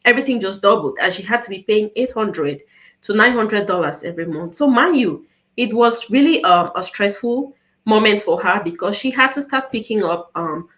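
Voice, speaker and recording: A woman's voice: mid-range voice, moderate pace. Earnest woman from Cameroon telling her story. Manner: earnest, storytelling with animated quoted dialogue. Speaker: author and interview guest. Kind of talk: conversational interview storytelling.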